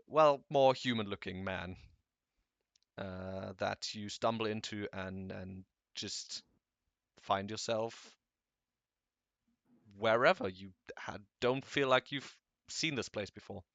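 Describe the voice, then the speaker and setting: Slow, gravelly male game master. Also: on the low side, fairly bright tone, no echo, lo-fi sound. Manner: hesitant, with many fillers. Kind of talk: narrating a tabletop game.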